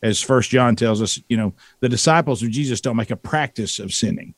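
Radio host, middle-aged man, storyteller who acts out voices, mid pitch, dry close mic. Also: a little fast, dry recording. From American South. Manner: animated, acts out voices in his stories. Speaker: radio show co-host, guest. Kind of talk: casual storytelling interview.

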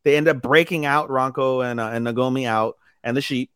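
A man co-hosting a casual anime podcast, talking fast and swearing as he retells scenes and mimics characters. His voice is close and dry, with no room sound, and he keeps a middle pitch. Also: clear, resonant tone, no echo. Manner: profane, animated storytelling, mimics characters. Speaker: podcast co-host. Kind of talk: casual chat.

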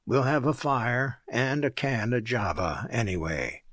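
A man voicing a gruff, bossy male tramp who talks in rough slang. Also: mid-range voice, expressive, measured pace, a bit bright, no echo, clean studio sound.

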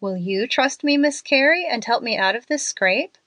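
A woman voicing a calm, gallant young gentleman who speaks in a steady, reassuring, polite way. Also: sits high, normal speed, no room sound.

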